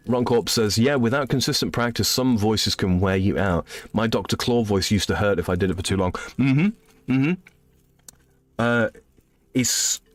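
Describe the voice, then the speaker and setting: A man's voice: medium pitch, no echo. A man in his thirties streaming a game, casually rambling as he reads chat messages aloud and answers them. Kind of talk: casual live-stream chat while gaming.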